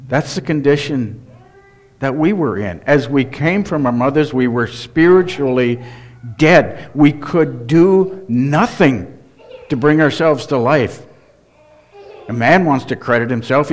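A male pastor delivering a sermon at an unhurried pace, in a voice of ordinary middle pitch. He speaks earnestly and with emphasis. He keeps turning to the listeners with direct questions. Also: animated.

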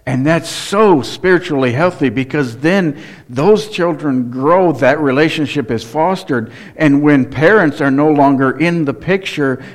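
A male pastor delivering a sermon at an unhurried pace, in a voice of ordinary middle pitch. He speaks earnestly and with emphasis. He keeps turning to the listeners with direct questions.

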